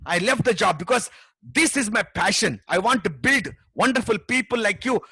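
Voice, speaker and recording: Middle-aged Indian English trainer, high bright voice, dry close sound, pushy passionate pitch. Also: male voice, expressive, moderate pace, breathy edge, no room sound. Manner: passionate, pushy, many tag questions. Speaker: memory trainer. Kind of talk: webinar sales pitch.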